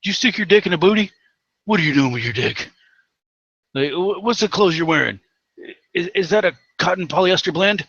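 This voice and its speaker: A man's voice: animated, brisk, pauses often, fairly bright tone, no room sound, dull audio, exaggerated voice. A man mocking a nosy scolding god. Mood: mocking outrage. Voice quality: mocking shrill outbursts. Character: petty scolding male god, nosy and outraged.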